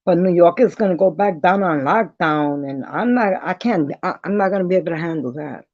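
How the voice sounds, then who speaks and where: A woman vlogger telling a personal story in a blunt, profane, animated way. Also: on the low side, a little fast, no echo, highs cut off. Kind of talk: casual storytelling.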